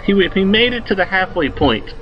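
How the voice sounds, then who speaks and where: A man in his twenties rambling through a story while commenting on his gameplay, excitable and swearing freely. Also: high voice, moderate pace, highs cut off. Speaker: let's play host.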